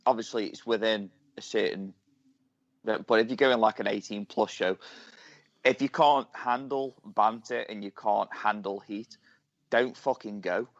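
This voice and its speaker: A man hosts an interview in a blunt, offhand way. His voice is mid-pitched, and it is recorded dry with dull, lo-fi sound. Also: measured pace, no room sound. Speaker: interview host. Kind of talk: casual interview chat.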